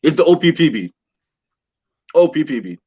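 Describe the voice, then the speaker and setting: A man telling a wild story on a casual podcast with friends, animated and swearing, acting out what people said. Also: a little high, normal speed, slightly rough. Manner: animated, swears a lot, acts out quotes. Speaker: podcast host. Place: indoor podcast room with friends.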